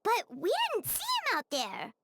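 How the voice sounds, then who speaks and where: A tiny, chirpy floating companion in a video game, her childlike voice extremely high and bubbly. It leaps all over the place in pitch while she takes her time with each word. Game dialogue delivery. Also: huge pitch swings, unhurried, heavy background noise, exaggerated voice. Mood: curious.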